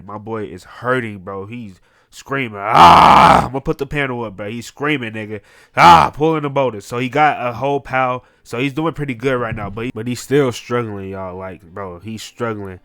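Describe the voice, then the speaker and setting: A man recapping a manga chapter in casual, excitable, profane slang. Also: fairly low pitch, no room sound, studio quality. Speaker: manga reviewer.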